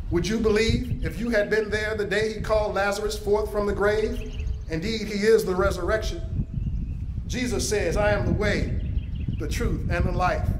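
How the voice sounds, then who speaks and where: A man's voice: high-pitched, roomy sound, noisy background. A male pastor giving a dramatic first-person biblical narration from a church, preaching emphatically and lifting his voice for quoted speech. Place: church sanctuary.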